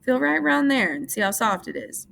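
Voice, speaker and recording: A woman's voice: on the high side, sing-song, moderate pace, gravelly, a little hiss or hum, voice pushed up, heavily acted. Woman doing a vain young ranch wife. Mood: coaxing. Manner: chatty, coaxing, then sharp.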